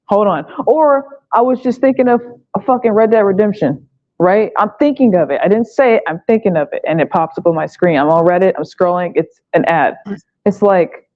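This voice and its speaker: Excitable, profane woman host. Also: medium pitch, no room sound, narrow, tinny audio. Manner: excitable, profane, repeats herself. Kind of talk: casual podcast chat.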